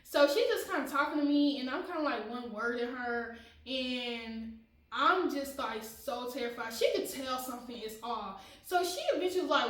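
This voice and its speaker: A woman's voice: high-pitched, normal speed, fairly bright tone, echoey room, distant mic, low-quality recording. A woman vlogger telling a personal story in a casual, dramatic way, often laughing and talking straight to her viewers.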